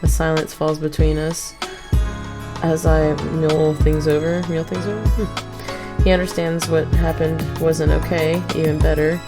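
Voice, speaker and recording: Speaking a little slowly in a low voice with flat delivery, a woman streamer reads a visual novel aloud. She breaks off for asides and fixes her misreads as game music plays in the background.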